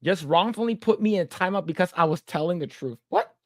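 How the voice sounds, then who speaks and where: A man's voice: high voice, animated, a little fast, no room sound, clean studio sound. A man in his thirties co-hosting a podcast, telling rambling stories, swearing and reading viewer comments aloud. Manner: rambling storyteller, swears, mimics voices in quotes. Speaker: podcast co-host. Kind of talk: casual chat, reading comments.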